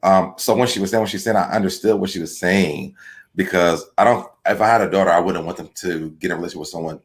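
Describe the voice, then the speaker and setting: Low-voiced man hosting a casual recap chat. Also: fast talker. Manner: talks through ideas out loud, repeating himself and adding "like" often. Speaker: host.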